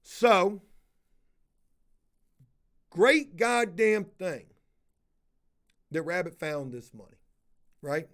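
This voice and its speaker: High-voiced, cussing male vlogger. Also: animated, extremely slow, long pauses, fairly bright tone. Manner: profane, exasperated, blunt. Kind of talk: casual storytelling rant to camera.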